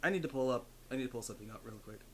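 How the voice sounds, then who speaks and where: A man's voice: mid-range voice, very fast. A man streaming a retro video game, chatting casually, rambling through asides and swearing freely. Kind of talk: casual gaming commentary. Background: game music.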